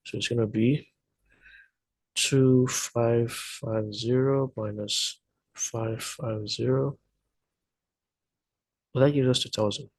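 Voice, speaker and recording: A man with a husky voice talks through a math lesson one step at a time, pausing to think and correcting himself as he goes. His voice sounds dry and close to the mic, with no room echo. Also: medium pitch, fairly even intonation, a little mellow. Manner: thinking aloud, hesitant, self-correcting. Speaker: math tutor. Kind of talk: explaining math problems step by step.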